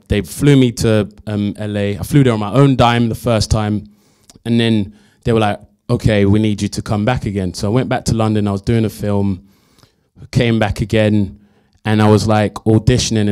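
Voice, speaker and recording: A young adult man, a guest actor at a Q&A, telling animated stories and acting out quotes with laughs. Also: lowish voice. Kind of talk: anecdotal storytelling at a Q&A.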